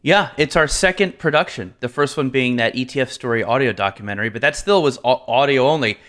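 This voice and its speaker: A man co-hosting a podcast, telling stories in a chatty, animated way with fillers. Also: mid-range voice, quick pace. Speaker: podcast co-host. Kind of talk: casual podcast chat.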